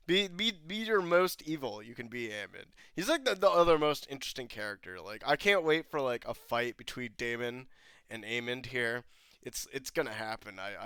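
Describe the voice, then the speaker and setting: A man's voice: mid-range voice, pushed and bright, smooth, no echo. A young man casually breaking down a TV episode, rambling, swearing freely and laughing often. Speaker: YouTube show reviewer.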